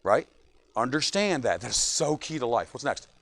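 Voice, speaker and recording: A man's voice: medium pitch, very animated, normal speed, a bit bright. A middle-aged man, a pastor, preaching a sermon in a church, joking often and asking "right?" again and again.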